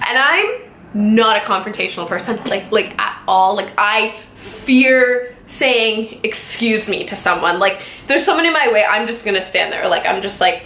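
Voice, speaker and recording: Young female beauty vlogger, casual storytime delivery, bright tone, roomy echo. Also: medium pitch, animated, normal speed, slight background noise. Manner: chatty, heavy on "like" fillers. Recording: echoey room.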